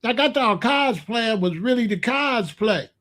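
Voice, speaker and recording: High-pitched man ranting on camera. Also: unhurried. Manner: animated, with emphatic repetition and loud outbursts. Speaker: commentary vlogger. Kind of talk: casual ranting commentary.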